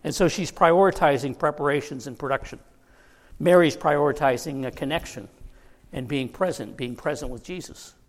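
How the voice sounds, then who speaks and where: A man's voice: a little high, moderate pace. A man preaching a conversational sermon as pastor, with joking asides to the congregation.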